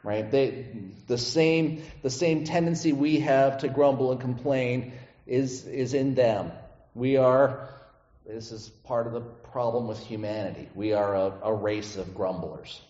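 A male pastor giving a conversational sermon, often checking in with his listeners with a quick question. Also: mid-range voice, dark tone. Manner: conversational, asks the congregation "right?" often. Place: church sanctuary. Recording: echoey church hall, dull lo-fi sound.

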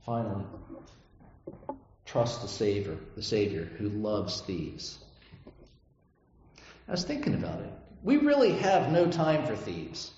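A man's voice: lowish voice, very animated, slow, pauses often, a little mellow. A man preaching a sermon as pastor, earnest and full of rhetorical questions, recorded in a church sanctuary. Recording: echoey hall, dull lo-fi sound.

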